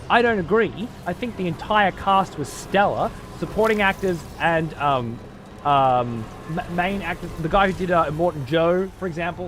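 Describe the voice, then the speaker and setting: A man's voice: on the high side, background noise. A man streaming a game, chatting casually and rambling through strong, profane opinions. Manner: opinionated, rambling, swears a lot. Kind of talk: casual gaming stream chat.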